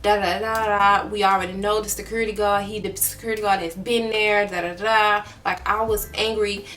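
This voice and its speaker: Bright-voiced woman telling a story. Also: mid-range voice, flat delivery, a little fast, recorded from a distance, slight background noise. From Mobile, Alabama. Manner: earnest, emotional retelling, addresses viewers as y'all. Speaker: vlogger. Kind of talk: storytime vlog.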